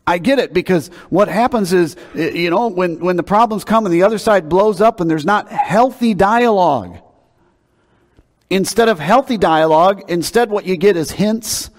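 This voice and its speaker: A male pastor delivers a sermon in a conversational yet emphatic manner, doubling words as he builds to each point. His voice sits a little high for a man, and a long reverb trails after it in what sounds like a church sanctuary. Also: normal speed.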